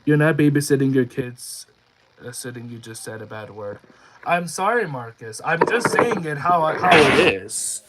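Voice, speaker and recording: A man's voice: medium pitch, expressive, moderate pace, a bit bright, a little hiss or hum, rough recording. A young man streaming live and chatting casually, reading comments from his viewers aloud and rambling with many restarts.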